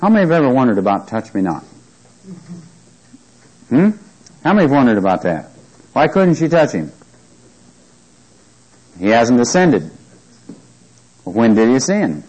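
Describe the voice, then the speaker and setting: A man's voice: medium pitch, sing-song, unhurried, pauses often, a little mellow, breathy edge, poor audio. A man teaching a Bible study, reading scripture aloud with emphasis and often checking whether listeners follow him. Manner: asks the listeners questions often.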